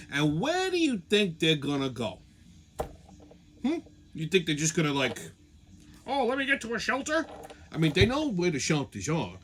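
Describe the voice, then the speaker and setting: A man hosts his show with a profane, sarcastic, rambling comedic rant. His voice sits on the higher side and leaps all over the place. The tone is bright and forceful. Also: slight background noise. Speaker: show host.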